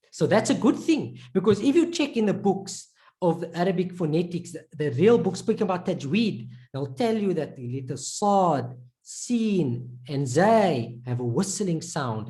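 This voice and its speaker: A woman's voice: lowish voice, darkish tone. A woman teaching a live pronunciation class, encouraging her students and repeating syllables over and over to demonstrate. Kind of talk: live online class instruction.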